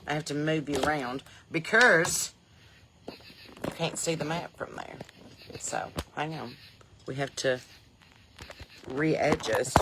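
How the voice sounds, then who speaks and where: A woman with a Southern American accent hosting a podcast, chatting folksy and loose from her porch into a phone, laughing often and swinging between loud and soft. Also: low-pitched, noisy background. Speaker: podcast host. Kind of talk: casual livestream chat. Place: outdoors on a porch. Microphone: phone on a holder.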